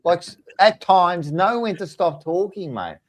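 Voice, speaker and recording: Podcast host with a dry sound. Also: male voice, high voice, animated, a little slow, no echo. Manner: laughing, exclaiming, loose. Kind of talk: casual banter and show plugs.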